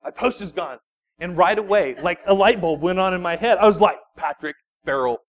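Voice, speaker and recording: A man, a youth pastor, giving an animated sermon full of personal storytelling and quick restarts. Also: sits high. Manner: animated, self-deprecating storytelling with frequent restarts.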